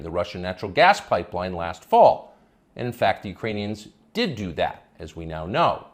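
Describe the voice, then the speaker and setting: A man's voice: lowish voice, husky. A man hosting a news commentary show, delivering a scornful, emphatic opinion monologue.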